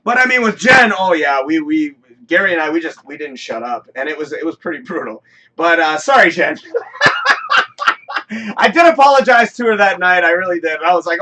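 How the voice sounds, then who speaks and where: A man's voice: on the high side, huge pitch swings, moderate pace, bright, forceful tone, distant mic, a little hiss or hum. A man hosting a live talk show, reminiscing in a rambling, emotional way, often swearing and laughing. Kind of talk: casual chat.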